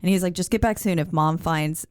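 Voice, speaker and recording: A woman's voice: on the low side, brisk, darkish tone, smooth, dry recording, clean studio sound. A woman co-hosting a podcast in casual chat, recapping a film, laughing often and swearing as she quotes the characters. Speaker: podcast co-host.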